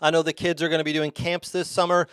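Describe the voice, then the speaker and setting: Chatty host, dry close mic. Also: male voice, on the high side, level tone, fast, fairly bright tone, clear, resonant tone, no room sound. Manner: chatty, rambling, lots of uh and um fillers. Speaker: podcast host. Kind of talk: casual sports chat and sponsor reads.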